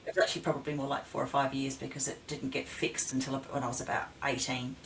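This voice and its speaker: A woman's voice: extremely low pitch, little pitch movement, fast talker, slight background noise, poor audio. A woman speaking as a podcast guest, recounting painful past events in a plain, matter-of-fact way. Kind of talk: casual podcast conversation.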